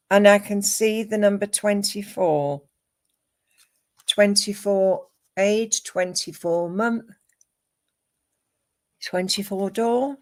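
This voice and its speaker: Slow-spoken woman medium. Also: mid-range voice, a little mellow. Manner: slow, measured, listing names and images one by one. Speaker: psychic medium. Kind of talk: live psychic reading.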